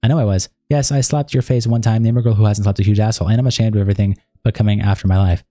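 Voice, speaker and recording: A man hosting a livestream, quickly reading text messages and written statements aloud. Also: on the low side, steady tone, dark tone, dry recording. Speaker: livestream host.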